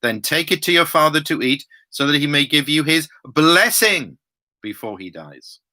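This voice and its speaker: A scheming mother presses her son to follow her plan in a Bible reading, read by a man. The voice is bright and pushing, and the delivery is that of a plain reading. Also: a little high, very animated, normal speed, exaggerated voice. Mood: urgent.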